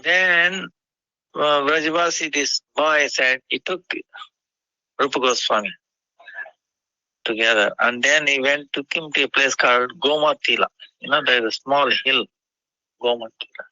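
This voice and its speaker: A man telling a devotional story in a halting way, often pausing with "you know". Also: mid-range voice, sharp tone, no echo, muffled recording.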